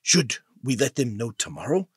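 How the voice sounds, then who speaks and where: A man voicing a firm, resolved husband who speaks quietly. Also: medium pitch, very animated, normal speed, breathy edge, dry recording, clean studio sound.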